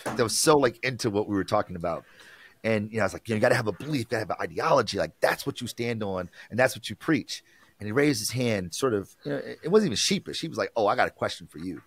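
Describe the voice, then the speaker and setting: An American marketing professor talks passionately on a podcast, preachy and animated, acting out quoted exchanges. His lowish voice moves fast with a breathy edge, and the recording is dry.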